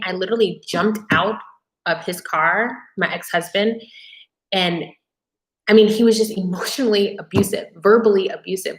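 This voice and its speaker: Her voice sits in the mid-range with a fairly bright tone and a roomy sound. Hosting a laid-back live-stream Q&A, she answers viewer questions through frank, emotional stories from her own life, chatting with frequent fillers and false starts.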